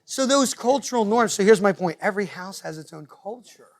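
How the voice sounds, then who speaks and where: A man with a New Jersey accent, speaking to parents in a meeting room and telling stories with quick impressions of other people. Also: high voice. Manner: animated storyteller, quick to mimic others. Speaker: guest speaker. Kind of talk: lively talk to parents. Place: meeting room with a live audience.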